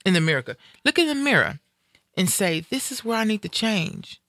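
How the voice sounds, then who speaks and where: A middle-aged woman with a bright, forceful voice speaks earnestly as she hosts a live stream. She preaches and repeats her points with feeling. The sound is dry and close, with no room echo. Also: mid-range voice, sing-song, moderate pace. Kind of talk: emotional casual chat.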